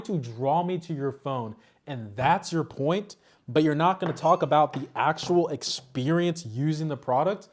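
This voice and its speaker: A man's voice: a little high, unhurried, no echo. A man giving a casual tech review, emphatic and frustrated, speaking bluntly.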